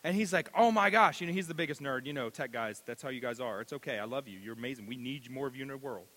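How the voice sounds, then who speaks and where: A man preaching a sermon, animated and repetitive, acting out stories in voices. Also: mid-range voice, very fast. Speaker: pastor. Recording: long reverb of a large hall.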